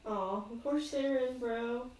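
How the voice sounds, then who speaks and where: A woman's voice: on the high side, takes it slowly, darkish tone. A woman player chatting casually during a tabletop game, reacting with slang. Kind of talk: casual chat. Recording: echoey room with background noise.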